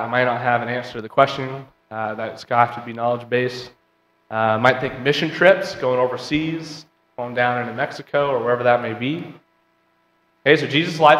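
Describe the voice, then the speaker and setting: A man's voice: medium pitch, fairly bright tone. A man leading a church Bible class, chatting with the class, asking questions and reading scripture aloud. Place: church auditorium. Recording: roomy hall with long reverb.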